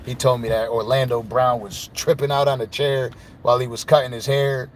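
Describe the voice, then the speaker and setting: A man's voice: mid-range voice, little pitch movement, a little fast, slight background noise. A man hosting a podcast, telling a story in a casual, rambling monologue full of swearing and "you know what I mean.". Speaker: podcast host.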